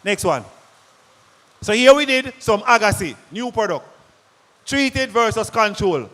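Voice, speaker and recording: A Jamaican man with a notably high voice, presenting farm products to a big audience. He talks with punchy energy and keeps quizzing the crowd. His voice rings out with the long reverb of a large hall. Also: very animated, unhurried, long pauses, pushed and bright. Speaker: product presenter at a farmers' forum. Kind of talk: lively sales presentation to a live audience.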